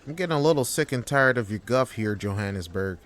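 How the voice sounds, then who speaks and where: A man's voice: mid-range voice, lively intonation, fast, fairly bright tone, lightly acted. A man voicing a demanding, belittling office boss who talks down to his worker. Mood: threatening. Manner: bossy, belittling, raised voice.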